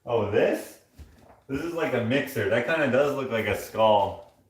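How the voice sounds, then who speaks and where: Streaming from his kitchen in an echoey room, this man reads his chat and chats casually, drifting into rambling, filler-heavy stories. His mid-range voice is expressive and a little slow.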